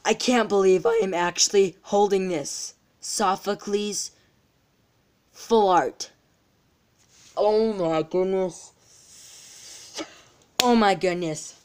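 A young woman vlogging as she opens trading card packs, gasping and exclaiming over her pulls. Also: medium pitch. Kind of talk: excited unboxing vlog.

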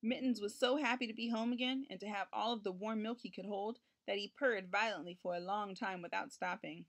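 Lady doing a kids read-aloud, expressive storyteller. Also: mid-range voice, brisk. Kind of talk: reading a picture book aloud.

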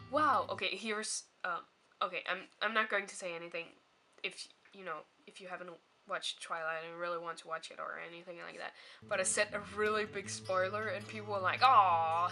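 A woman talking casually in her own vlog, bubbly and rambling with frequent giggles. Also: medium pitch. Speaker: vlogger.

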